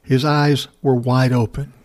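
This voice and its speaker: A man's voice: mid-range voice, flat delivery, unhurried, a little mellow. A man hosting a casual ranting monologue, telling a story in a profane, sarcastic way. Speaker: commentary host.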